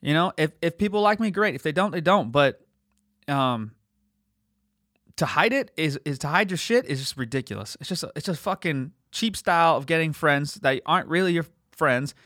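A man's voice: a little high, lively intonation, fairly quick, fairly bright tone, no echo, clean studio sound. A man in his late twenties hosting a podcast, talking in a blunt, rambling, profane casual monologue. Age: 20s. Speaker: podcast host.

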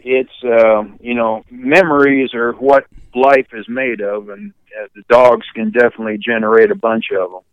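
An older man from Michigan, a retired pitcher and podcast guest, telling animated hunting stories in casual chat. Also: normal speed, hardly any pauses, clean tone, no echo, muffled recording. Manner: animated anecdote teller, mimics yelping dogs and shouting people.

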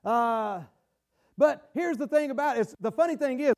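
High-pitched folksy Southern preacher man. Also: normal speed, a little mellow. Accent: Southern American. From American South. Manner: folksy, digressive, rising to emphatic bursts. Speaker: pastor. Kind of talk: sermon.

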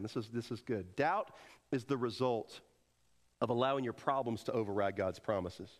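A man's voice: high voice, long reverb tail. A man preaching a sermon as pastor, driving his points home with emphatic rhetorical questions.

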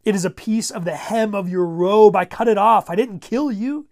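A preacher voicing an earnest young warrior pleading. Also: male voice, high-pitched, normal speed, darkish tone, voice pushed up. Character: young male warrior pleading with his king. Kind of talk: sermon scripture retelling.

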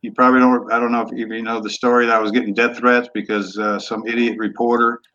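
A man in his sixties, a former quarterback, telling stories in a relaxed, rambling way with some rough language. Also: mid-range voice, fast, highs cut off. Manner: laid-back, trailing off, rough language. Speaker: guest, former football quarterback. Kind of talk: casual storytelling interview.

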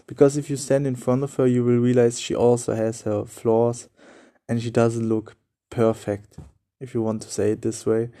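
A man's voice: medium pitch, little pitch movement, moderate pace, warm tone. A young man who is not a native English speaker, hosting a solo podcast in an earnest, repetitive way with loose phrasing. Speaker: podcast host. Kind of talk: solo motivational podcast talk.

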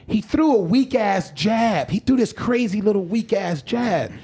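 A man telling a story on a podcast in a casual, animated and profane way. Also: sits high, unhurried, breathy edge. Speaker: podcast guest or host.

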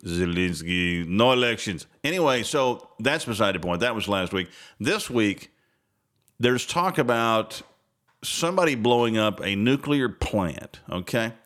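A man's voice: fairly low pitch, lively intonation, a little slow, fairly bright tone. A man hosting his own podcast, rambling through casual political commentary with a sarcastic, self-interrupting manner. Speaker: podcast host.

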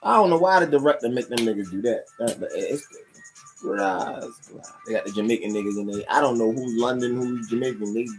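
A woman's voice: very deep voice, brisk, darkish tone. A woman hosting a podcast, talking in a loose, profane, streetwise ramble during a casual livestream. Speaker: podcast host. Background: music playing.

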